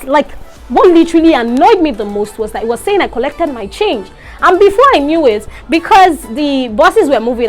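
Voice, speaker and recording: Animated young Nigerian woman telling a story. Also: high voice. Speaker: vlogger. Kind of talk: storytime vlog.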